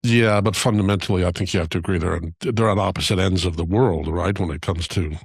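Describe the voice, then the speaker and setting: A man with a fairly low voice argues his points plainly and skeptically in a casual political chat. The sound is close and dry, with no room around it. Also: fast, husky, no echo. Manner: direct, skeptical pushback. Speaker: podcast co-host.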